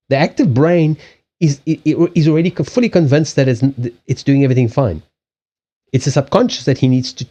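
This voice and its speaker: His voice is warm and medium in pitch as he hosts a live stream and does card readings. He talks casually about habits and anxiety, rambles, keeps restarting, and mixes in swearing and laughter.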